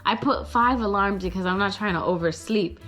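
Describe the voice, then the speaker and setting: Young woman vlogger, super animated storytime, swears a lot, mid pitch, bit of music behind. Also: brisk. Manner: animated and expressive, swears casually. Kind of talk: story time vlog.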